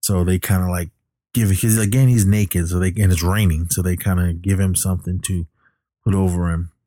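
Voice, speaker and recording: Deep, dark-voiced man rambling through a movie recap. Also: fairly even intonation, moderate pace, dry recording, studio quality. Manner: rambling, many fillers and restarts. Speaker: film recapper. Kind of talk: casual movie plot recap.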